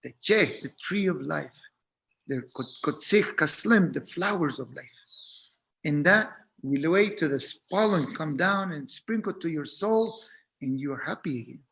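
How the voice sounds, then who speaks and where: A man with a notably high-pitched voice shares a reflective spiritual talk as a teacher. His delivery is gentle and unhurried, with frequent pauses and repeated words as he finds his way through each thought. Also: expressive, vocal fry.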